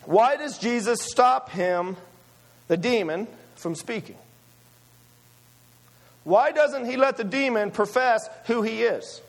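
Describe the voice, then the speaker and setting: A man's voice: extremely high pitch, slow pace, pauses often. A man preaching a sermon, emphatic and full of rhetorical questions to his listeners.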